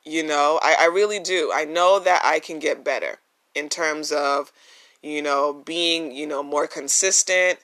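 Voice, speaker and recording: A podcast host delivers a casual solo monologue, recorded on a phone without a microphone. The voice sits at medium pitch, a bit bright, at a measured pace. The delivery is earnest and emphatic, repeating key phrases.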